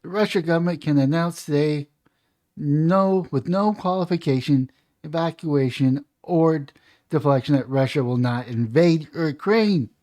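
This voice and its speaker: Man, political commentary, opinionated, emphatic, mellow tone, from the US. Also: a little high, measured pace. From United States. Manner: opinionated, emphatic, reads news aloud then rants.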